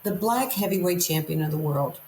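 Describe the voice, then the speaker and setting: A woman from Queens, New York, appears as a guest and tells her life story candidly and vividly, acting out the lines people said to her. Her voice is on the low side, animated and slightly mellow at a moderate pace, with a roomy echo and slight background noise.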